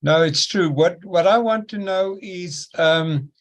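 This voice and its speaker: A man's voice: high-pitched, takes it slowly. A man taking part in an online trading session over a video call, polite and asking careful questions. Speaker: trader in the session.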